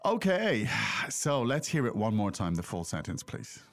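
A man's voice: on the low side, very animated, moderate pace. A middle-aged man hosting a casual language lesson podcast, explaining and prompting with questions, with many fillers. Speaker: podcast host and teacher.

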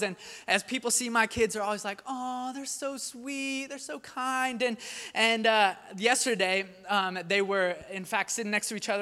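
A man in his thirties, a pastor preaching a sermon in a conversational, animated storytelling way. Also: high-pitched, clear, resonant tone. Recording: long hall reverb.

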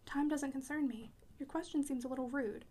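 A persistent young married woman, voiced by a woman reader. She pleads and insists in a high, brisk voice, asking again and again in a storybook scene. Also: steady tone, warm tone, close to an everyday voice.

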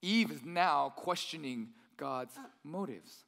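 Slowly and in a gravelly voice that sits high for a man, a young male pastor gives a relaxed, conversational sermon, slipping into other voices to act out the tempter. A long church-hall reverb carries through the room.

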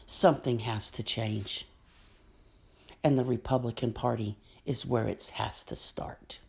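A woman's voice: rumbling low, fairly even intonation, a little slow, creaky, darkish tone, breathy edge. A woman delivering an angry, profane political rant straight to camera, cutting and bitter.

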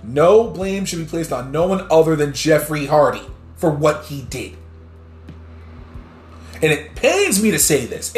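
This podcast host from New Jersey rants heatedly about the news in blunt, short sentences full of swearing, as casual commentary. His voice is a little high and very animated, with a measured pace and frequent pauses. It's recorded in an echoey room with faint music.

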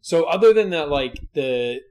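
A man's voice: fairly high pitch, animated, normal speed, a little mellow. A man co-hosting a podcast, joking and riffing on absurd bits in crude casual banter. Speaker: podcast co-host.

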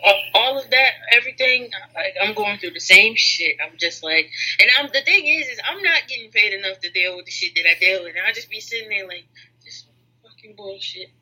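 A woman's voice: mid-range voice, lively intonation, fairly quick, hardly any pauses, pushed and bright, husky, low-quality recording. A woman on a podcast commiserating in a weary, blunt, casual way. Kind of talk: casual chat.

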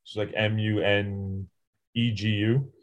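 A man in a casual podcast chat, speaking in a fairly low voice. He tells rugby stories in a relaxed, rambling way, full of fillers and easy laughs. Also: takes it slowly, dull audio. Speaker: podcast co-host, rugby sevens player.

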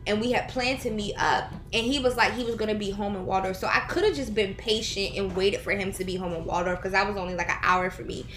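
A young woman co-hosts a podcast, casually telling rambling stories while eating. Her voice is medium-pitched, steady and fairly bright, rushing along with hardly any pauses in an echoey room with slight background noise.

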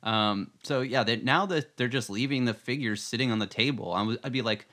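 A man's voice: mid-range voice, brisk, a bit bright. A man co-hosting a casual chat about a TV episode, joking and laughing as he retells scenes. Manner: joking, laughs often, jumps into quoted voices. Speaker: podcast co-host.

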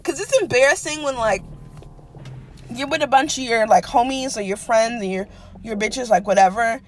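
A woman's voice: a little high, moderate pace, a little hiss or hum. A young woman hosting a podcast, telling a dating story in a casual, profane, dramatic way. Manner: animated, profane, dramatic with quoted asides. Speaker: podcast host.

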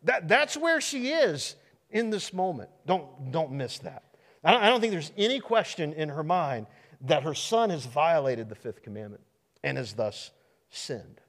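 The long reverberation of a big church sanctuary fills this sermon from a Midwestern American pastor. His voice is fairly high with a fairly bright tone, and it rises and falls sharply as he restarts lines and poses rhetorical questions to the congregation.

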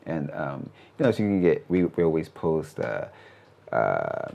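Man, 30s, interview guest: very low gravelly voice, loose and rambling, lots of "um" and "you know". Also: moderate pace, muffled recording. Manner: relaxed, rambling, many fillers and restarts. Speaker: animation studio CEO, interview guest. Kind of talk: casual interview answers.

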